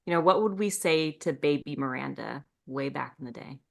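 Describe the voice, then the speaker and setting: A woman's voice: low-pitched, a little fast, vocal fry. A woman co-hosting a casual podcast, asking questions in an enthusiastic, playful way. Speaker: podcast co-host.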